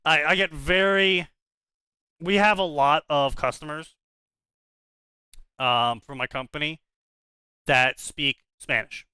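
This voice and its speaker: Bright, crisp-voiced man ranting. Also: on the high side, steady tone, takes it slowly, long pauses, no echo. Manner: ranting, profane, repeats words when starting. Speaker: podcast co-host. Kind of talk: casual banter.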